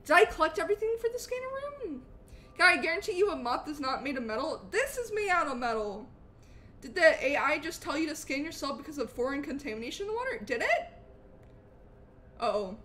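A young woman streamer chats over her gameplay, bubbly and animated as she thanks viewers by name. Her voice sits high and swings widely in pitch. A faint hiss runs under the recording. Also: brisk. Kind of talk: live gameplay stream chat.

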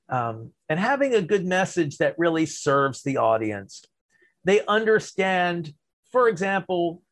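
A man who coaches storytelling and public speaking, answering interview questions in an animated way, shifting his loudness and pausing for emphasis. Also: a little high.

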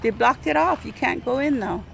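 A woman's voice: sits high, lively intonation, moderate pace, gravelly, fairly bright tone. A woman chatting casually while filming animals outdoors at a ranch, cooing at them in a playful sing-song voice. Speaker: vlogger filming a ranch visit. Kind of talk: casual running commentary.

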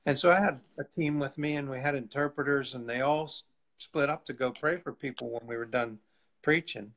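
A man's voice: medium pitch, a little fast, rough recording. A man, a guest evangelist, telling testimony stories in a casual live chat, laughing and acting out what people said. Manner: lively storyteller, laughs often, acts out quotes.

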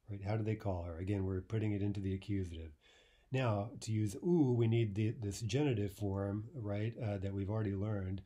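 Male language teacher, low husky voice, easygoing explainer who keeps checking in. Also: brisk. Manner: relaxed, many uh fillers and "right?" checks. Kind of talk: recorded lesson explaining grammar.

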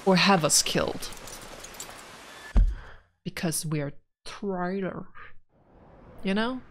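A woman's voice: fairly low pitch, slow pace, slight background noise. A woman giving casual gameplay commentary, rambling frankly and with exasperation about the story as a let's play gamer.

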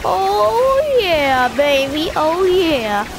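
Excitable high-voiced woman gaming. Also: very slow, noisy background. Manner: excitable, silly boasting. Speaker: gaming video maker. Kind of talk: let's-play commentary. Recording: game music over the voice. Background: video game music.

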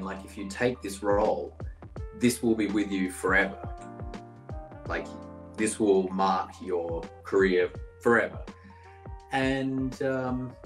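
Heard in an echoey room on a low-quality recording, this man's voice sits on the low side. He's a Brazilian actor in his thirties, guesting on a video call and telling stories in a loose, rambling style with plenty of "like."

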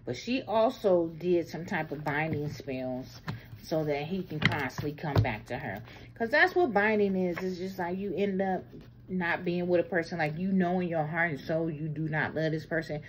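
A woman giving a casual tarot reading, talking bluntly and explicitly, swinging between loud bursts and low murmurs. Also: lively intonation, normal speed, a little hiss or hum. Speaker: tarot reader.

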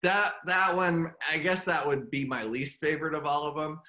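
A middle-aged man speaking as a guest in a casual interview, halting and heartfelt. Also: on the high side, fairly even intonation, bright, forceful tone. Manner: halting, full of fillers and restarts; heartfelt, open about his feelings. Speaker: guest actor.

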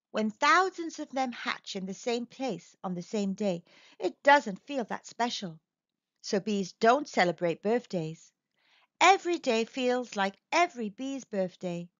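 Storyteller, woman, high and animated delivery for young listeners, dry close sound. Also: no echo. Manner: expressive, lilting, gentle. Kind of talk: children's picture-book read-aloud. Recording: dull dry recording.

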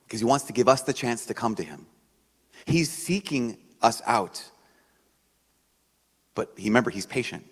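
A man preaching a sermon as a priest, in a conversational, animated way, acting out the voices he quotes. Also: mid-range voice, normal speed, pauses often, slightly rough. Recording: long hall reverb.

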